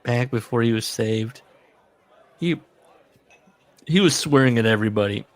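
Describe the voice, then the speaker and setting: A man's voice: medium pitch, moderate pace, dry recording. A man co-hosting a podcast, casually reading book passages aloud with sarcastic commentary. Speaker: podcast co-host.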